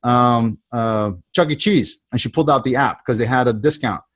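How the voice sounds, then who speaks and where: Speaking at a moderate pace with a medium-pitched voice, this man leads sales coaching over a group video call. The talk is casual and wandering, with lots of restarts and repeated wording.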